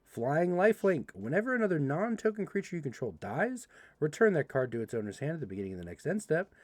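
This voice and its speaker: A young man hosting a livestream, casually reading card text aloud and joking with chat in an animated way. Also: fairly high pitch, no room sound. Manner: animated, reads card text quickly, playful asides to chat. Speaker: livestream host opening card packs.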